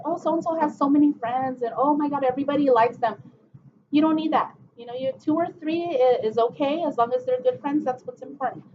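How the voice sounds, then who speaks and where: This middle-aged woman, whose voice sits on the high side, presents a parent workshop in an informal, conversational way, peppered with "okay" and "um" as she acts out what parents and kids say. It's a dull lo-fi room recording with slight background noise.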